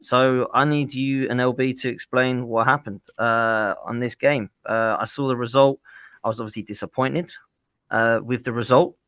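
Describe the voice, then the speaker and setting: A man's voice: mid-range voice, steady tone, moderate pace, clear, resonant tone, dry recording, lo-fi sound. Guy hosting a footy podcast, laid back, teasing his mates, dry close mic. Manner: laid-back, teasing, says "man" and "bruv". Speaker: podcast host. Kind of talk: casual podcast banter.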